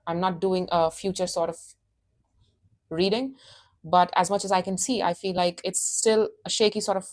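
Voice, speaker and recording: A woman's voice: fairly low pitch, fairly even intonation, normal speed, a little mellow. A woman giving a casual tarot reading, intense and emphatic, repeating her phrases and calling the listener honey. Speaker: tarot reader.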